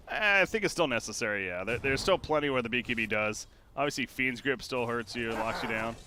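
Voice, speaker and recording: Bright-voiced male esports caster. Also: lively intonation, a little hiss or hum. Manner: quick play-by-play that surges in pitch and volume during fights. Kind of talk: live play-by-play commentary. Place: home streaming setup.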